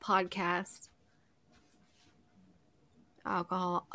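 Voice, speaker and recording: A woman in her thirties co-hosts a podcast over a remote call, chatting casually, giggling, and telling stories amid lots of laughter. Her voice is fairly low with drawn-out words, a lively, giggly storyteller, and there's no room sound.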